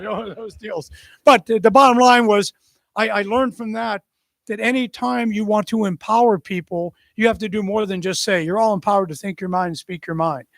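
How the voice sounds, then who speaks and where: Brief: older ex-officer in his sixties, fairly high voice, lively anecdotal delivery, dry close sound. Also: brisk, dry recording. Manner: animated storyteller who acts out the people in his story. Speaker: retired military officer. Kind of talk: anecdotal storytelling.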